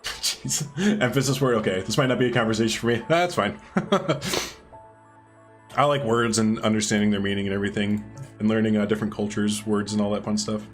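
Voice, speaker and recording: A man's voice: lowish voice, fairly even intonation, a little fast, faint music behind. A man streaming live, chatting casually with viewers as he builds, rambling and laughing often while answering their messages.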